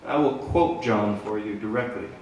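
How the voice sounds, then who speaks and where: Performer wry deadpan singer-songwriter telling stories on stage. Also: male voice, fairly low pitch, normal speed, slight background noise. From Manitoba, Canada. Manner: wry, deadpan, laid-back humor. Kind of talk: stage banter storytelling at a concert. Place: theater stage, live. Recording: echoey theater from far off with faint guitar.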